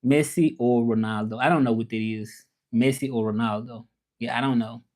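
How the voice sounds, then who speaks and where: A man's voice: mid-range voice, steady tone, moderate pace, darkish tone. A man in his thirties with a Southern American accent, chatting casually on a livestream as he answers viewers' comments, talking in a loose, repetitive way. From Southern United States. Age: 30s. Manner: loose, repetitive, conversational, keeps saying "you know what I'm saying". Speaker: livestream host.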